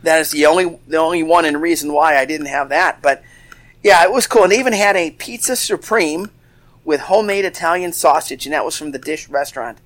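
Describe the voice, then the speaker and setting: A man's voice: a little high, brisk, fairly bright tone. A man co-hosting a casual talk show, rambling with many restarts and "you know"s. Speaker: co-host. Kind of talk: casual chat.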